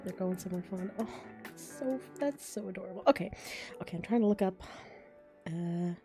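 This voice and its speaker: A woman's voice: medium pitch, moderate pace, warm tone, soft background music. A woman in her thirties chatting casually and rambling on a livestream, often making fun of herself. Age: 30s. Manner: chatty, rambling, self-deprecating. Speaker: voice actor and streamer.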